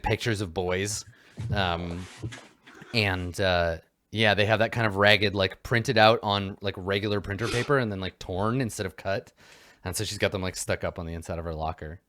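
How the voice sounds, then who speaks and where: A man's voice: lowish voice, fairly even intonation, fairly quick, bright, forceful tone, slight background noise. A man narrating as game master of a tabletop role-playing game, rambling with many fillers.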